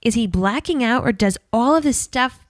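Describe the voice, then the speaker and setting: A woman's voice: fairly high pitch, animated, moderate pace, no echo, clean studio sound. A woman co-hosting a podcast, reading listener tweets in casual chat and adding wry asides. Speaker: podcast co-host.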